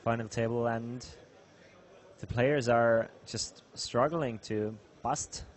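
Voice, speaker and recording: A man's voice: medium pitch, steady tone. Man calling poker hands play-by-play. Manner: measured play-by-play, laughs easily. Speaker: poker commentator. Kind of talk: live poker commentary.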